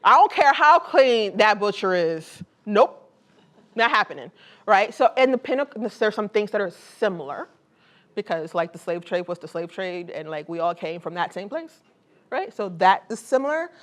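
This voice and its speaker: A woman poet speaks before a live college audience, moving between a read poem and loose, friendly talk. She jokes easily and fills her sentences with "like" and "um." Her speaking voice sits at a middling pitch. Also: very animated, moderate pace, fairly bright tone. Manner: casual and chatty, with many "like" and "um" fillers. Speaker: poet and author. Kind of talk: poetry reading and audience Q&A.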